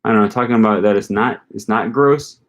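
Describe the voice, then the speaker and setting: A man's voice: on the low side, fairly quick. A young man from Wisconsin with a Midwest American accent, chatting casually on a live stream and reading out viewer questions, rambling with many ums and restarts. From Wisconsin, USA. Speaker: language-learning channel host.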